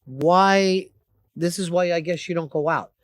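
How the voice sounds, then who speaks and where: Brief: high-voiced male radio host, blunt and teasing, dry studio sound. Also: measured pace, no echo. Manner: blunt, mocking, acts out quotes loudly. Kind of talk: profane radio banter.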